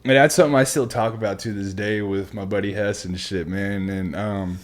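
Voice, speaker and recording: A man hosting a podcast, a military veteran telling stories in casual chat who swears freely, laughs often and drops to a hushed voice for asides. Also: on the low side, fairly even intonation, normal speed.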